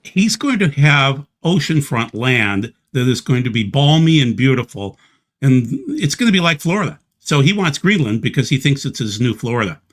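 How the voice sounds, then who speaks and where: A man's voice: mid-range voice, very animated, normal speed. A man hosting a casual discussion, confident and insistent about his claims.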